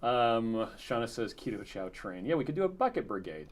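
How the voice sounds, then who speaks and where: A man co-hosting a live stream, chatting casually and reading viewer comments aloud in a relaxed, quiet way. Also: medium pitch, fairly quick. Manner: relaxed, reads chat messages in a quiet flat tone.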